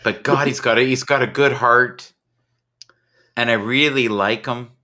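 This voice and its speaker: A man hosting a casual livestream chat, talking in a rambling, jokey, animated way. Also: mid-range voice, measured pace. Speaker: livestream host. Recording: home computer mic.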